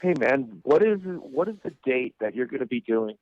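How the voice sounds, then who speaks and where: A man's voice: mid-range voice, animated, normal speed, no room sound, muffled recording. A man co-hosting a casual radio chat, teasing with crude jokes. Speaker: co-host.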